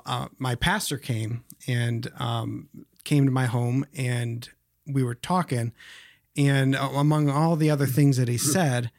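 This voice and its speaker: A man's voice: mid-range voice, darkish tone, dry recording. Young male podcast host, earnest storyteller, dry studio-like sound. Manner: earnest, personal storytelling with fillers. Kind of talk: casual interview chat.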